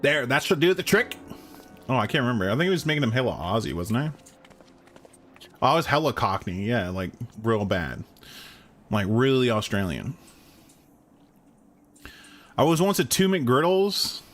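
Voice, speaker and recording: A man's voice: medium pitch, sing-song, moderate pace, long pauses, fairly bright tone, a little hiss or hum. A young man streaming a game, riffing with chat in crude, slangy jokes. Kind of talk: casual gameplay chat.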